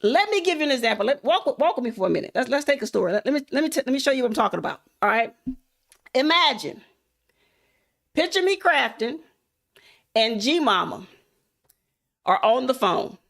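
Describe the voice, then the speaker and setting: High-voiced woman telling a folksy story. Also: sing-song, brisk, vocal fry, long pauses, a bit bright. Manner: folksy, addresses listeners as y'all. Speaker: content creator, motivational speaker. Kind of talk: motivational storytelling.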